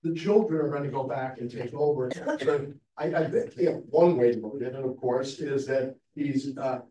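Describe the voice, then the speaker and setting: A man's voice: mid-range voice, moderate pace, warm tone. A man taking part in a study class discussion, challenging the teacher's reading with a view of his own. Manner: challenging, argues a counter view. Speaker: class participant. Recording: roomy, distant mic, faint noise.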